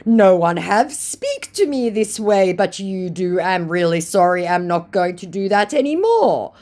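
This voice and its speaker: A woman voicing a pleading older male romance scammer who speaks slow, broken English. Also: mid-range voice, animated, darkish tone, pitched above the performer's own voice, close to an everyday voice.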